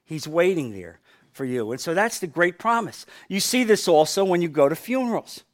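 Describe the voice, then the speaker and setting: Male pastor, high voice, sermon, emphatic, loud-to-soft swings, middle-aged. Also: very animated, moderate pace. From New Jersey.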